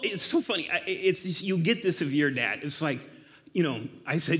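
A man in his forties tells his personal story to a church gathering, halting and filling pauses as he goes. His voice sits a little high, and a long reverb from the hall trails his words. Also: animated, a bit bright. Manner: halting, many fillers, laughs at himself. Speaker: guest speaker. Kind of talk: personal testimony talk.

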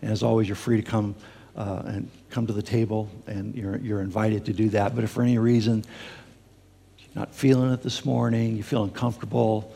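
A man's voice: fairly low pitch, flat delivery, fairly quick, creaky, mellow, husky. A man preaching a sermon as pastor, earnest, with fillers and restarts, speaking in a church sanctuary. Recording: long hall reverb.

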